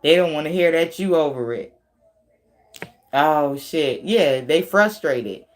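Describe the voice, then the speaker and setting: A woman's voice: deep voice, lively intonation, takes it slowly. A woman doing a tarot reading in casual, blunt, profane talk, teasing and laughing often. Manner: slangy, teasing. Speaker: tarot reader.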